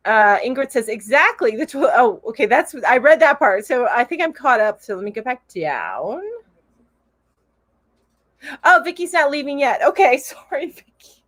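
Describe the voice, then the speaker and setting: A high-pitched, sing-song voice with a fairly bright tone carries this middle-aged host through viewer comments on her casual live stream, at a moderate pace. She's bubbly and giggly and coos at her cat, with no room sound in the recording.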